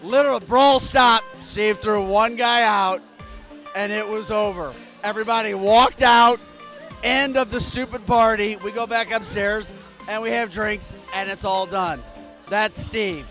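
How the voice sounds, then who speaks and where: Man, high bright voice, lively party anecdote, faint music behind. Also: unhurried. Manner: lively anecdote with acted-out shouts. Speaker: party guest. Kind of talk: party storytelling toast.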